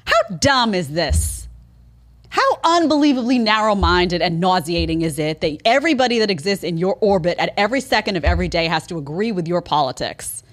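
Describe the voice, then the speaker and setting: Animated, sarcastic woman from New York. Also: lowish voice, fairly quick. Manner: sarcastic, animated, mocking impressions. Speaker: podcast host. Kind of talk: opinionated podcast commentary.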